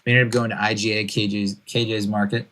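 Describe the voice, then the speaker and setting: A man's voice: fairly low pitch, flat delivery, quick pace, pushed and bright, slight background noise, poor audio. A man in his forties hosting a podcast, telling a family story in casual chat with exasperated, jokey asides. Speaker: podcast host.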